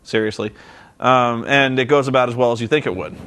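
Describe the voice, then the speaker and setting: A man's voice: mid-range voice, fairly even intonation, brisk, a bit bright. A man casually recapping wrestling in a rambling, sarcastic, profane way with lots of ums and uhs. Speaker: vlogger reviewing wrestling.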